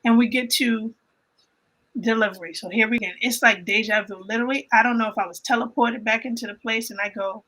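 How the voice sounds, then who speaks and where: A woman telling an emotional personal faith story in a casual panel chat, animated and often repeating her phrases. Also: on the high side, a little fast, poor audio. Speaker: guest on a livestream panel.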